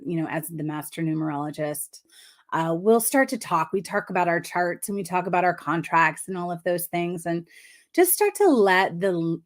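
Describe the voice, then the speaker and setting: Soft-spoken woman giving an affirming reading. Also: lowish voice. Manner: soft, affirming, reflective, with frequent "right?" check-ins. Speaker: numerology reader and coach. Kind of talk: live-stream card reading.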